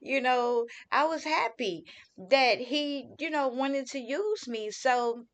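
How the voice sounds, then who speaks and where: A middle-aged woman telling her own story as a grieving mother, in a heartfelt testimony full of "you know" fillers. She speaks at an unhurried, slow pace. Her voice sits a little high. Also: expressive. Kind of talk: personal testimony.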